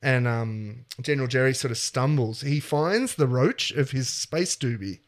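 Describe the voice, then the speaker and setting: A man's voice: mid-range voice, measured pace. A man co-hosting a comedy podcast, improvising a story and acting out characters' lines with playful energy. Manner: animated, acts out characters' lines in quotes. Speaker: podcast co-host.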